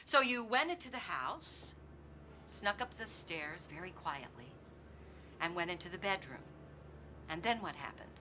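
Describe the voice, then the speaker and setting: A woman's voice: fairly low pitch, lively intonation, measured pace, pauses often, noisy background. An actress playing a female prosecutor cross-examining a defendant with pointed, probing questions in a TV movie courtroom drama. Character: sharp, relentless female prosecutor.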